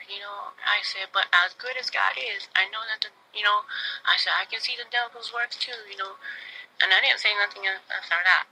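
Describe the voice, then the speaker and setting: Young female radio host; bright, sharp voice; emotional, rambling storyteller; light background hiss. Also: mid-range voice, poor audio. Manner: emotional, drops to a near whisper when moved; rambling, repeats "I said" and "like". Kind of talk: personal storytelling.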